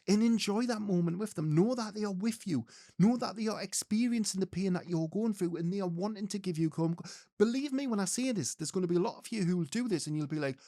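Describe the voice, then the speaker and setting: Male medium-teacher, earnest direct address, higher register, dry close sound. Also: mellow, no room sound. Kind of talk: spiritual teaching talk to viewers.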